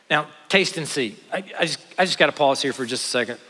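A man preaching a sermon with dynamic delivery, rising to loud exclamations and dropping to hushed asides. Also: fairly high pitch, sing-song, brisk. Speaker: pastor. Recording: long hall reverb.

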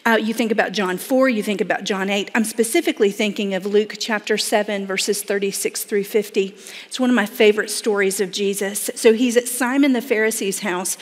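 A woman's voice: mid-range voice, fairly even intonation, a little fast. Southern woman speaking in a reverberant hall. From Florida. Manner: folksy, talks straight to the audience with many "y'all". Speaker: pregnancy center director speaking at church. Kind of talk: church talk.

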